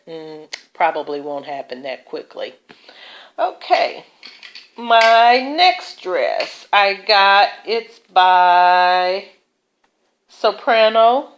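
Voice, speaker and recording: A woman chatting casually about her thrift store finds in a vlog, with fillers and self-corrections. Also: mid-range voice. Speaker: thrift haul vlogger. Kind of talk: casual show-and-tell vlog.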